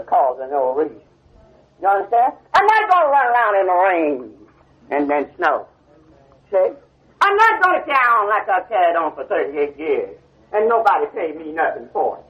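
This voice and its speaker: An older man preaching to a class, stopping again and again to ask whether his listeners see the point. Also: high-pitched. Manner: call-and-response, keeps asking "you see?". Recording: dull old 1970 lecture tape.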